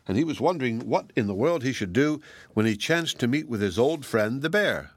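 A man reading a fairy tale aloud as narrator, steady and measured. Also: mid-range voice, dry recording. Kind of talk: storybook reading.

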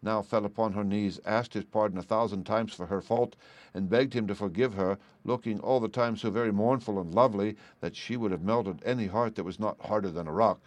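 A man reading a fairy tale aloud as an audiobook narrator, in a measured, even delivery. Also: on the low side, no room sound. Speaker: audiobook reader. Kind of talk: storybook narration.

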